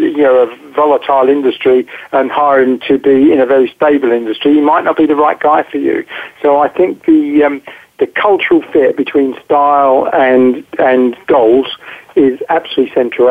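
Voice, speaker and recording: A man interviewed as a guest over the phone, talking directly and emphatically and often repeating words as he thinks. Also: medium pitch. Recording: tinny phone line.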